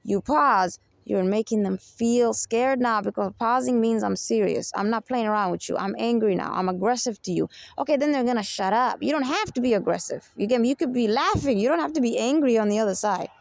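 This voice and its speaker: Self-help speaker, woman, slightly high and gravelly, emphatic unscripted monologue, dry close sound. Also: fairly quick, few pauses, no echo. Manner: emphatic, keeps asking "you get me?".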